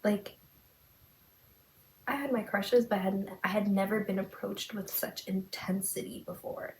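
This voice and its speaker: Young woman podcast host, chatty storyteller with a gravelly fry, recorded in an echoey room. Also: medium pitch, fairly even intonation, unhurried. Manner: chatty, lots of "like", dramatic retelling. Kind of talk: casual storytelling. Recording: echoey room with faint hiss.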